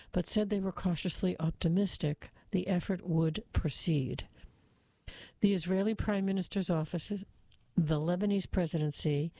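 Mellow-voiced woman reading news stories. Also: lowish voice, no echo. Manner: steady, even news delivery. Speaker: news reader.

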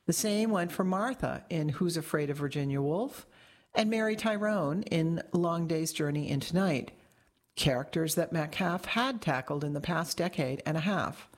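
Low-toned woman reading a feature article. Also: normal speed. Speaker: narrator reading a magazine article. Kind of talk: scripted narration.

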